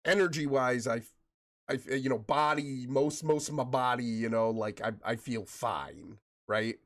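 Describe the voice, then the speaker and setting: A man's voice: mid-range voice, measured pace, a bit bright. A man streaming a game, joking and greeting viewers by name, while getting over a chest cold that makes him cough. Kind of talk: casual chat with viewers while gaming.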